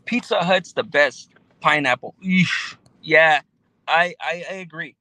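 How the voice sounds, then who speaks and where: A man's voice: fairly high pitch, measured pace, pushed and bright, no room sound, poor audio. Laid-back slangy man reading chat. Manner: laid-back, slangy, many fillers and restarts. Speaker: YouTuber reading live chat. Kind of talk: casual livestream chat.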